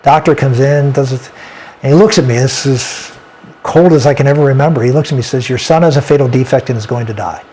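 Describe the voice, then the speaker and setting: A man appearing as an interview guest tells a personal story earnestly but haltingly, restarting often. His voice is medium in pitch, warm, and husky.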